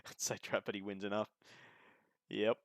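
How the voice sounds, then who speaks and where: A man's voice: fairly low pitch, little pitch movement, measured pace, no echo, clean studio sound. A man giving casual live sim racing commentary as host of the stream, chatty and joking with the viewers. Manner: chatty, joking, talks to chat.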